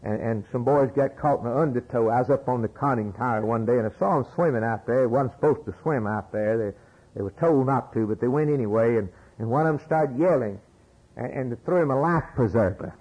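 An older American man preaching a sermon, now calm and low, then rising to loud, high exclamations. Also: a little fast, slightly rough, lo-fi sound. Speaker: pastor.

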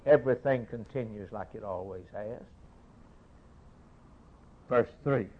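A man's voice: measured pace, pauses often, slightly rough. Man preaching a sermon over a tinny line. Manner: declamatory, swelling to raised rhetorical questions then dropping low. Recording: tinny phone-like sermon recording.

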